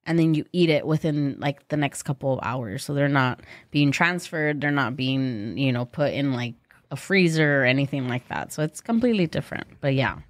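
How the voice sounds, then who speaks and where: Woman, very low pitch, dry close sound, filler-heavy explaining. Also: expressive, moderate pace, no room sound. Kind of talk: casual comedy chat.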